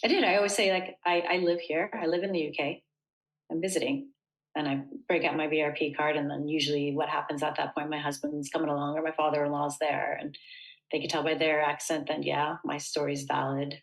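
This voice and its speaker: A woman's voice: low voice, little pitch movement, a little fast, rough recording. A woman from the United States speaking as an interview guest, talking earnestly and thoughtfully with frequent fillers. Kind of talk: casual interview conversation.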